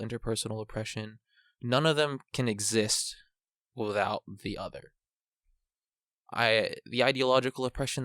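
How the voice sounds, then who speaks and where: A man's voice: fairly low pitch, fairly bright tone, no echo, studio quality. A man co-hosting a podcast, explaining his points earnestly in casual talk. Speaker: podcast co-host.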